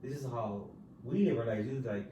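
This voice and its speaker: A man hosting a podcast in loose, casual chat, swearing freely and dropping "dude" into almost every phrase. His medium-pitched voice sits well back from the mic in a roomy, echoing space. A faint hiss of ambience runs under it. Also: animated, moderate pace, mellow, distant mic. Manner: laid-back and profane, says "dude" after nearly every phrase. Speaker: podcast host telling prison stories.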